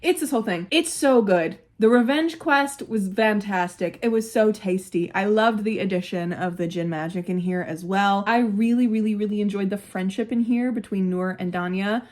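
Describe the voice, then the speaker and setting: A young woman talking casually at home in a reading vlog, candid and quick to swear and laugh. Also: medium pitch, darkish tone. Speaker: book vlogger.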